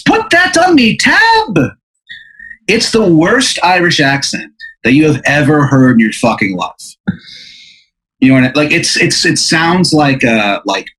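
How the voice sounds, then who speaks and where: A man's voice: medium pitch, fairly bright tone, low-quality recording. A man hosting a podcast, improvising a comic hypothetical story with a rambling, filler-heavy delivery. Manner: rambling, lots of fillers, laughs mid-sentence. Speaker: podcast host.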